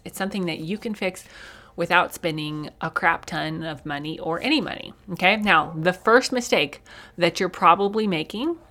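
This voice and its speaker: A woman's voice: fairly low pitch, a bit bright. Upbeat folksy woman with a Southern accent. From Colorado, USA. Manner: folksy and upbeat, laughs often. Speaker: podcast host. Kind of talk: casual solo podcast talk.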